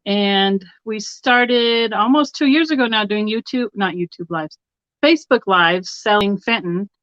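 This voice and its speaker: A woman's voice: mid-range voice, measured pace, a bit bright. A woman talks casually over a video call, chatty and loose, full of little fillers. The sound is dull and lo-fi. The room is dry, with no echo. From Colorado. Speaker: guest seller. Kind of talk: casual chat on a live stream. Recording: dull dry lo-fi stream audio.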